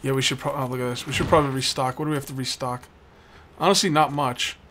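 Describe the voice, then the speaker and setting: A man's voice: medium pitch, steady tone, quick pace, fairly bright tone, slight background noise. A man hosting a let's play, giving casual gameplay commentary and joking with the game's customers as he goes. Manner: jokey, chats with game customers.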